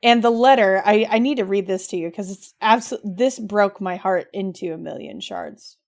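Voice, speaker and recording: A young adult woman co-hosts a podcast, recapping a video game in a casual, emotional way. Her voice sits in the mid range at a normal speed, and she gushes, packing her talk with filler words like "like" and "rad."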